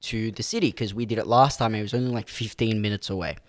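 A young man co-hosting a casual chat, telling stories with lively acted-out quotes and frequent laughs. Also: lowish voice, fast talker. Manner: animated storyteller, acts out quotes, laughs often. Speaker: podcast co-host.

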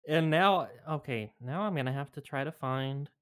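Giggly podcast host, mid-pitched voice. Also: normal speed, smooth. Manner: laughs easily, hesitant with fillers. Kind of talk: casual chat.

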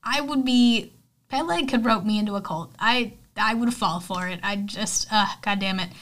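A woman's voice: mid-range voice, moderate pace, fairly bright tone. A woman hosting a podcast, recapping a movie in a rambling, casual way, with lots of "like" and some swearing. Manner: rambling, heavy on "like", swears freely. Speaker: podcast host.

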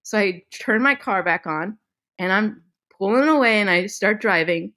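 A young woman podcast host telling a story in a casual chat, animated and laughing often, with some swearing. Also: mid-range voice, normal speed. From Midwestern United States.

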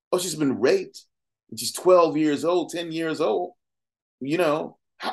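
A man talking as a podcast guest in an impassioned, conversational way, firing off rhetorical questions between casual fillers and asides. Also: a little high. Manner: emphatic, fires off rhetorical questions.

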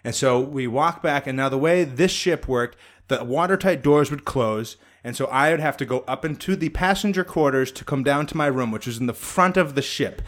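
A man co-hosting a podcast, telling a story in casual chat, animated and laughing as he acts out what people said. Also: medium pitch, normal speed, few pauses. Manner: animated, laughs through his own story, acts out quotes. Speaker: podcast co-host.

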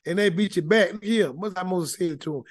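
A man's voice: high-pitched, brisk, no room sound. A man leading an informal Bible study, preaching in a folksy, emphatic way and often repeating words as he builds a point. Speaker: Bible teacher.

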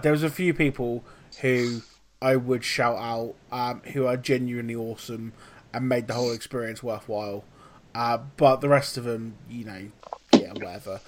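A young man hosting a podcast, telling a story in casual chat, with lively swearing and acted-out quotes. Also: medium pitch. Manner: animated, swearing, acts out quotes. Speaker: podcast host.

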